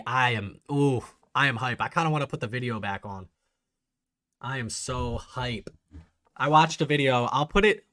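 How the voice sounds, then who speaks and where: Bright-voiced man chatting on a livestream. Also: medium pitch, no echo, clean studio sound. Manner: chatty, reads and answers live chat, excitable. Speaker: bourbon channel host. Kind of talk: casual livestream chat with viewers.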